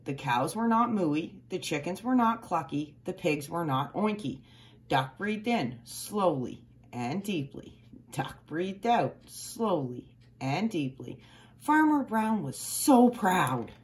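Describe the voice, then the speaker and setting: A woman reading a children's picture book aloud, with expressive, playful emphasis on the story's sound words. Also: on the low side.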